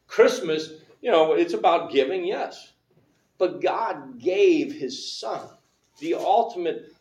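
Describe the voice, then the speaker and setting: Taking his time, a pastor with a somewhat high voice and lively intonation delivers a conversational sermon, questioning the congregation as he goes. His tone is a little mellow, captured by a distant mic in a roomy church sanctuary.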